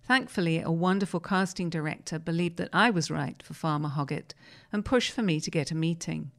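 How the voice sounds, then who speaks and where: Woman presenter, lowish voice, measured article reading.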